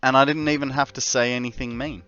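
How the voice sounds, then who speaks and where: A man streaming a building game, chatting casually and slowly to his viewers while he works. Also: medium pitch, steady tone, bright, forceful tone, smooth, highs cut off, soft background music. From Australia. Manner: slow, laid-back, talks to chat while working.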